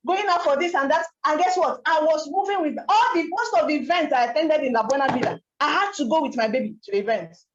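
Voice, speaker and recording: A young woman tells her business story as a motivational talk, emphatic and animated, with rhetorical questions. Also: high-pitched, echoey room, dull audio. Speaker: network marketing speaker.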